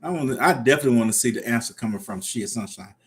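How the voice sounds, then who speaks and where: A man's voice: mid-range voice, very fast. A man hosting a casual live stream, reading out viewer comments and laughing often. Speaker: livestream host.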